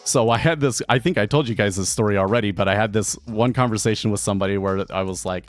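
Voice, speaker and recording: Low-voiced man rambling on a stream. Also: fast, few pauses, soft background music. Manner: rambling, many restarts and fillers. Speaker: day trading streamer. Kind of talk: casual live-stream monologue.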